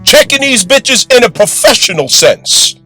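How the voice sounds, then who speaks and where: High-voiced man preaching over music. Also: very animated, measured pace, low-quality recording. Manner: forceful, preachy, profane. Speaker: commentator. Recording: music bed under voice.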